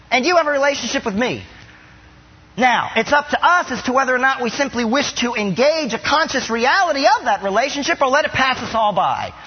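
A man with a very high voice preaches a sermon in a lively, swinging way, acting out bits of inner dialogue. His voice rings with long reverb in a big hall. The sound is dull and lo-fi. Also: slightly rough. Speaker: pastor.

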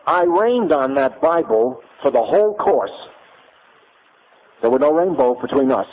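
A man telling a personal story in a lively, emphatic, punchy way. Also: medium pitch, unhurried. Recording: tinny phone-like audio.

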